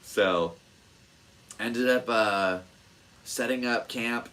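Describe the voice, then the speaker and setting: A male podcast host with a mid-range voice talks very slowly on a rough recording. Telling a story in casual chat, he's animated, swears freely, and acts out the voices of the people in it.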